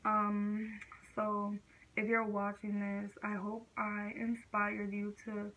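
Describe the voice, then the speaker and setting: A woman's voice: mid-range voice, monotone, slow, fairly bright tone, dull audio, a little hiss or hum. A teenage girl vlogger telling a personal story in casual, slangy speech full of fillers.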